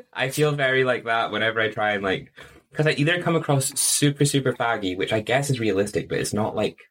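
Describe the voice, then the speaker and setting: A man's voice: medium pitch, a little fast, fairly bright tone. A young man co-hosting a podcast, playful and camp, giggling as he chats. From Scotland. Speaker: podcast co-host. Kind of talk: casual chat.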